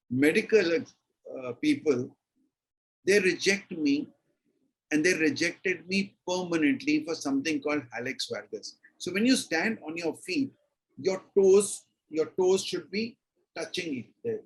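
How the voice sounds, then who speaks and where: An older man with an Indian English accent, a retired army officer telling a personal story as an interview guest in an animated, emphatic way. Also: a little high, slightly rough, low-quality recording. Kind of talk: storytelling in a conversation.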